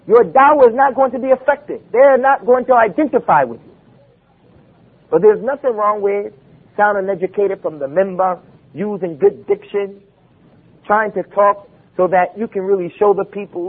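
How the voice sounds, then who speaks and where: A man's voice: high voice, lively intonation, normal speed, slightly rough. A man giving an Islamic lecture, emphatic and full of rhetorical questions, quoting Arabic texts. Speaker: preacher. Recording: phone-like lo-fi recording.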